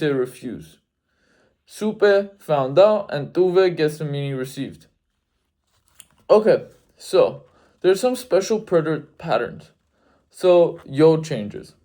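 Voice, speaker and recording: A man's voice: a little high, dark tone. A young man giving a last-minute grammar review, methodically listing verb endings and spelling them out letter by letter. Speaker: Spanish tutor. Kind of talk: exam review lesson.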